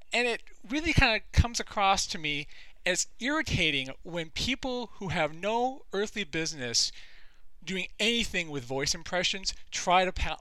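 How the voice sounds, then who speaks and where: Male podcast host, bright and animated, profane exasperated rant, dry mic. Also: on the high side, smooth, dry recording. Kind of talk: comedic rant.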